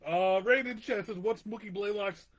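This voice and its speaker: A man's voice: high-pitched, fairly quick. A man co-hosting a podcast, reading out chat comments with playful, chuckling banter. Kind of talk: casual chat.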